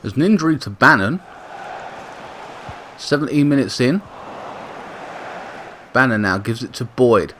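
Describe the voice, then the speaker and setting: Gaming commentator, male, middle pitch, chatty with sudden excited bursts, light noise under the voice. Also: measured pace, long pauses. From Britain. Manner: excitable bursts on attacks, chatty asides and self-corrections. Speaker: gaming YouTuber commentating a football sim. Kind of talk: casual play-by-play game commentary.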